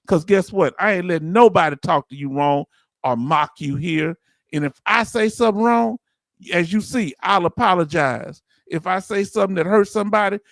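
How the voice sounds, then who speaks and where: A man hosting a livestream, talking casually and warmly straight to his viewers, often repeating himself for emphasis. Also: fairly high pitch, no room sound. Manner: animated, talks straight to viewers, repeats "let me tell you something". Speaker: livestream host.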